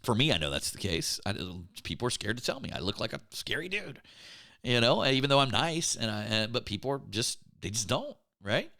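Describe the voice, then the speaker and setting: Man, motivational faith talk, pitch swings up and down a lot, emphatic, repeats himself. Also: big pitch swings, fairly quick, bright, forceful tone. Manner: emphatic, repeats words, addresses listeners as friends. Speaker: relationship speaker.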